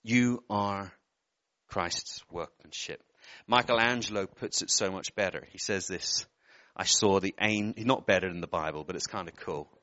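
A man's voice: low voice, normal speed, bright, forceful tone, dry recording, lo-fi sound. A man preaching a sermon, giving earnest personal words to people in the congregation and often breaking off with apologetic asides.

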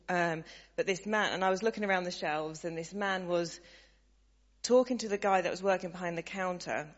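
A woman sharing a story with a church gathering, animated and laughing, acting out the voices of the people in it. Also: lowish voice. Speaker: church member sharing a testimony. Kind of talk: casual storytelling to a congregation. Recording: dull sound, long hall reverb.

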